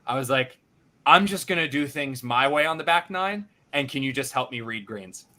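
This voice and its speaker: A male podcast host tells a casual, animated story, swearing freely and acting out his own reactions, in a medium-pitched voice at a normal speed.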